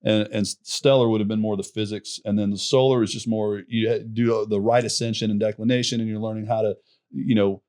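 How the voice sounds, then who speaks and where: A man's voice: fairly low pitch, fairly even intonation, brisk, darkish tone. A man, a worship pastor and podcast guest, telling a story in a rambling way with many restarts. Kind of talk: casual chat.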